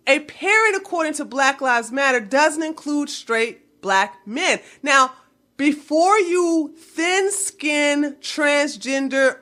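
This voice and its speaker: A woman's voice: sits high, sharp tone. A woman vlogger delivering a heated, blunt commentary rant full of swearing. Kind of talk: profane ranting commentary.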